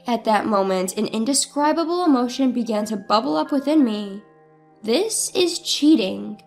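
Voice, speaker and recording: A woman's voice: on the high side, lively intonation, fairly quick, a little mellow, soft background music. A woman telling a first-person story in earnest, dramatic scripted narration.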